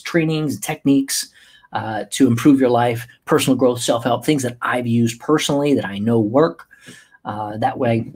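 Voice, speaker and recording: Husky, upbeat male livestreamer. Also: medium pitch. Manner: upbeat, playful, chatty, with many fillers. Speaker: podcast host and life coach. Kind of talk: casual livestream chat.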